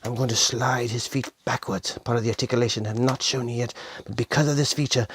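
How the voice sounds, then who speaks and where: A man reviewing an action figure on his own channel, excitedly gushing and talking to the toy and his audience. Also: medium pitch, brisk, slight background noise. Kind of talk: enthusiastic toy review vlog.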